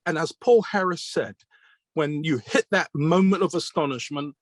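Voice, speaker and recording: A British man with a fairly high voice for a man speaks earnestly about his craft. He tells his stories as dialogue, quoting questions and answers. His voice is close and dry, with almost no room sound. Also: normal speed, dry recording. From Britain. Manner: retells mentors' advice as quoted dialogue, with questions and answers; earnest, reflective. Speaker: magician being interviewed. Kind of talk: conversational storytelling.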